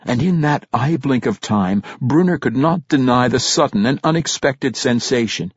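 A husky male narrator reading a fantasy audiobook, his pitch rising and falling dramatically through every sentence. The recording is close and dry with a slightly dull, lo-fi tone. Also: expressive, moderate pace, no room sound.

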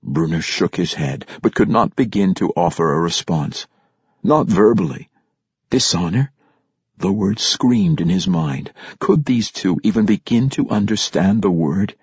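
A man narrating a fantasy audiobook in an expressive, dramatic storytelling manner. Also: sits low, unhurried, breathy edge, no echo, muffled recording.

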